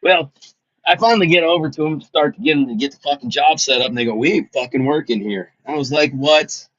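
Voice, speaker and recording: A man's voice: a little high, brisk, fairly bright tone, no echo. Blunt, foul-mouthed man in casual talk, dry and dull lo-fi sound. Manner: blunt, profane storyteller. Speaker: podcast panelist. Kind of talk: casual chat.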